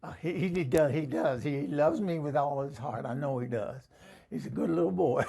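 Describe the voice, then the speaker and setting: A man playing an excitable, dog-loving hillbilly woman with a Southern accent in a comic character vlog, gushing and rambling with lots of laughs. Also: a little high, moderate pace, creaky, slightly rough. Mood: doting.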